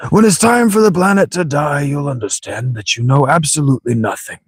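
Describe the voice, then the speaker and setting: A man's voice: a little high, husky, no echo, clean studio sound, pitched above the performer's own voice. A man doing Bugenhagen, chuckling old sage. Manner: chuckling "ho ho ho", slow measured speech. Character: wise old man elder, chuckling, slow and grand.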